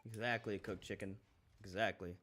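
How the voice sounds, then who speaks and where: A young man streaming gameplay, joking with chat and breaking into sudden shouts. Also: lowish voice, steady tone, moderate pace, a little hiss or hum. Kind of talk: live gameplay commentary.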